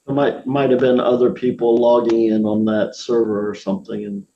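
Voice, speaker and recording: A man hosting a play reading over a video call, speaking in a halting, hesitant way. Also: mid-range voice, little pitch movement. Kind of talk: casual video-call chat. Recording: dull roomy video-call audio with faint noise.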